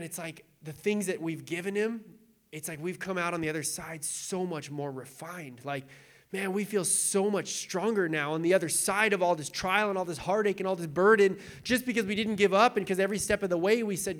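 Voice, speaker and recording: High-voiced young male pastor preaching casually. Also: brisk. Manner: casual, conversational preaching with many fillers. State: tearful, voice breaking. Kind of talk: sermon.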